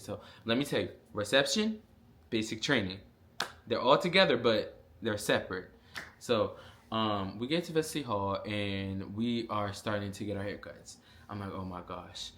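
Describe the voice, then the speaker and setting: A young man, telling a casual storytime vlog with lots of fillers and animated asides. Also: lowish voice, moderate pace, a little hiss or hum. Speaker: vlogger.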